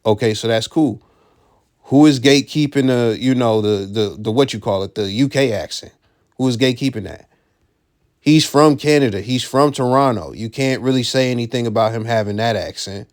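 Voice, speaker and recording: A man's voice: mid-range voice, moderate pace. A man giving casual commentary, blunt and profane, who repeats his key points for emphasis.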